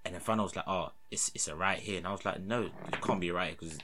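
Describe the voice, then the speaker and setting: A man's voice: sits low, fast, background noise. A young man, telling a story in casual, slangy, rambling podcast chat. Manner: rambling, slangy, often dropping to a mutter.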